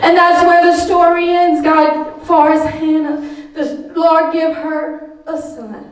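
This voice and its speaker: A woman's voice: sits high, little pitch movement, slow pace. A woman giving a fervent, sing-song testimony sermon in a church, her voice sometimes breaking. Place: church sanctuary. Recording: echoey church from far off.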